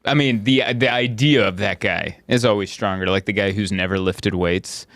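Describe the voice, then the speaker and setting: A man with a fairly low voice hosts a comedy podcast, recorded close with almost no room sound. He tells stories in a loose, chatty way and acts out the people in them with quick character voices. He laughs easily, often right in the middle of his own lines. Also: no room sound. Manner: animated storyteller who acts out scenes in voices; laughs often while talking. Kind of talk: casual podcast chat.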